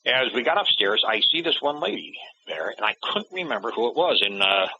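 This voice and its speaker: A man's voice: mid-range voice, sing-song, a little fast, pushed and bright, a little hiss or hum. A middle-aged man, a guest in an interview, telling a personal story and acting out the dialogue he remembers. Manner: acts out remembered dialogue in changing voices. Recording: dull lo-fi audio.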